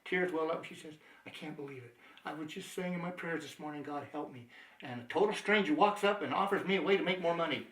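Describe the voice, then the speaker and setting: A man's voice: on the high side, fast talker, roomy sound, recorded from a distance, poor audio. A man giving a sales training talk, telling stories, acting out the dialogue and chuckling often. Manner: chuckling, anecdotal, animated.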